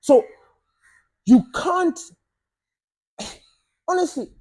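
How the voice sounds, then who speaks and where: A man's voice: very high voice, expressive, drawn-out words, a little mellow. A man talking casually and animatedly as a football fan channel host, swearing now and then and repeating himself for emphasis. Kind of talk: casual opinion monologue.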